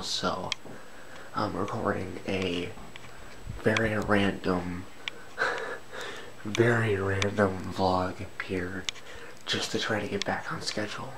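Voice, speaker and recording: Low, gravelly half-whispering man. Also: heavy background noise. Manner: hushed, half-whispered to avoid waking others. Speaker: vlogger. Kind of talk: quiet late-night vlog talk. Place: home at night with people sleeping nearby.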